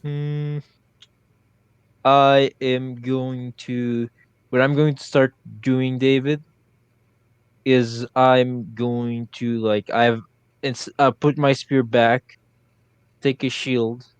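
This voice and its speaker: Slow, hesitant male player, smooth voice. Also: mid-range voice, flat delivery, no echo. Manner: hesitant, thinks aloud, swears casually. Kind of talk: casual tabletop play.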